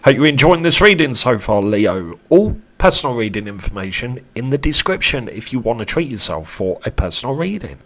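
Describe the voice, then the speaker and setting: A man giving a casual tarot reading to camera, chatty and animated, with casual swearing. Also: mid-range voice, fairly quick, hardly any pauses. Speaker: tarot reader.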